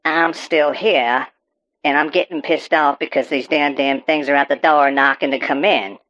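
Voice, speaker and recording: A mid-range, natural-sounding voice with a steady tone, fairly bright quality and normal speed. A performer plays a paranoid rural farmer calling into a show as an interviewee, rambling, stammering and ranting profanely about super pigs. The audio is dull and muffled.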